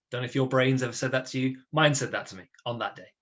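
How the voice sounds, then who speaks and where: A man giving a motivational webinar to an online audience, chatty and energetic, often checking in with his listeners. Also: mid-range voice, fast, hardly any pauses. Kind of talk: lively talk to an online audience.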